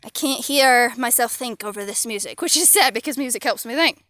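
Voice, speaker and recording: Young girl rambling into her phone on a walk, high bright voice, super dry sound. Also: fairly quick, no echo. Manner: rambling, chatty, easily distracted. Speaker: vlogger. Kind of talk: casual chat. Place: outdoors, walking with her dog. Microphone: handheld phone.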